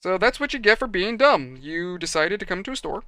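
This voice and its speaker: A man telling a rambling story in a chatty, animated way while building a model kit. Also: high voice, brisk, clear, resonant tone, dry recording. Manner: chatty, animated, acts out quoted people.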